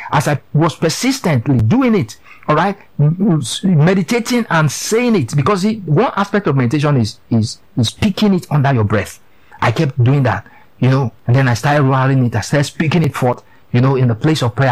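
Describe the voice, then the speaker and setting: A man's voice: on the high side, rough recording. A man preaching a sermon, emphatic and repetitive, often asking listeners if they understand.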